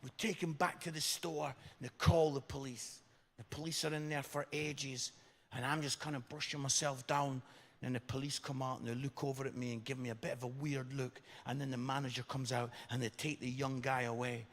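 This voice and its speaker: A man telling a lively comic story to a church crowd, shouting out the big moments. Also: medium pitch, fairly quick. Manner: lively, animated storyteller who shouts punchlines. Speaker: guest comedian speaker. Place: large church hall. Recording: echoey hall reverb.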